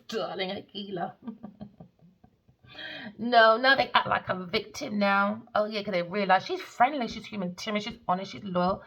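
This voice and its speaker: A woman's voice: medium pitch, fairly bright tone. A woman giving a tarot reading as a profane, scornful rant, swinging into mocking sing-song taunts. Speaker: tarot reader.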